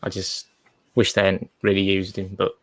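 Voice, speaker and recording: A man's voice: sits low, monotone, moderate pace, no room sound. A man in a casual podcast chat who teases and grumbles at his co-host. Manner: exasperated, teasing.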